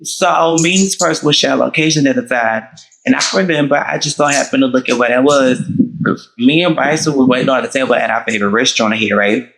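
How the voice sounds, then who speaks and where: A man hosting his own show, telling a dramatic personal story to his viewers in a casual, animated way. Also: mid-range voice, fast, gravelly, poor audio. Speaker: host.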